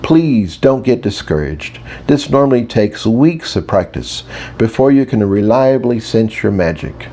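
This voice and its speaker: A man's voice: medium pitch, animated, a little slow, warm tone. A man reading an audiobook, voicing a woman magic teacher who coaxes her class in a soothing tone. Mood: coaxing. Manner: soothing, coaxing. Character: patient woman magic teacher, hiding frustration.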